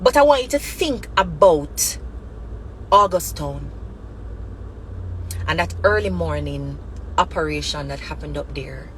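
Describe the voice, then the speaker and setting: A woman's voice: low-pitched, lively intonation, measured pace, pauses often, fairly bright tone, slight background noise, poor audio. A woman with a Jamaican accent giving impassioned spoken commentary as a channel host, emphatic and repetitive, mixing Patois and English.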